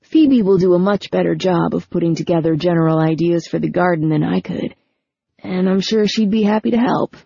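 Woman doing a breezy young man, coaxing, mellow husky tone, dull sound. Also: on the low side, fairly quick, no room sound. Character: eager, persuasive young adult man. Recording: dull lo-fi recording.

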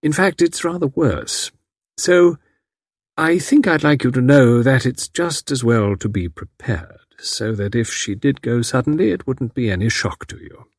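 A man voicing a calm, competent middle-aged woman who talks cheerfully and comfortably. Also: medium pitch, measured pace, slightly rough, no echo, clean studio sound. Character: calm competent matron of about fifty.

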